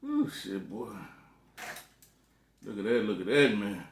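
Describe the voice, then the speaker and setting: A man's voice: lowish voice, wildly swooping pitch, slow pace, echoey room, a little hiss or hum. A man eating on camera in a casual vlog, talking loosely with lots of cussing and joking between bites. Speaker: food vlogger.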